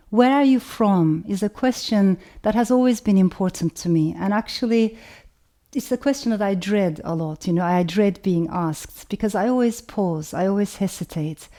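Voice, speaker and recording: A woman author with a Turkish accent, speaking in a thoughtful, measured way and often saying "you know". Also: fairly low pitch, mellow. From Turkey. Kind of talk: reflective talk to camera.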